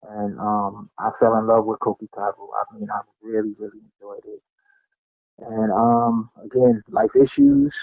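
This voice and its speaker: A middle-aged man, a podcast guest and martial artist, telling stories in an animated, casual way with many fillers and restarts. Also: mid-range voice, no echo. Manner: animated, lots of fillers and restarts, acts out what people said. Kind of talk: casual storytelling. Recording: dull lo-fi sound, dry.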